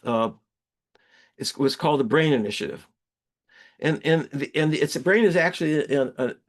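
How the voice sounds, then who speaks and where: A man giving an academic webinar lecture, telling anecdotes in a halting, digressive way with frequent restarts. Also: fairly high pitch, gravelly.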